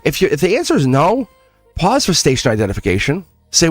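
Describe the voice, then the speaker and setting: This tarot reader's voice is on the high side and brisk, with no echo and faint music in the background. Streaming live, he chats animatedly, laughs frequently, and speaks right to his audience.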